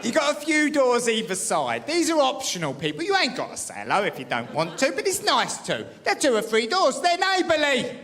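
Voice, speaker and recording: A stand-up comedian, telling a brash, mock-panicked story on stage. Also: male voice, extremely high pitch, huge pitch swings, fairly quick, crowd noise. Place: live comedy venue with audience. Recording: loud audience laughter, noisy live room.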